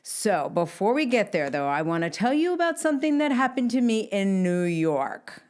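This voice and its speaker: A woman's voice: medium pitch, very animated, moderate pace, few pauses, a little mellow. A middle-aged woman hosting her own podcast, talking upbeat and chatty straight to her listeners. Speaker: podcast host. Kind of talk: casual solo podcast intro.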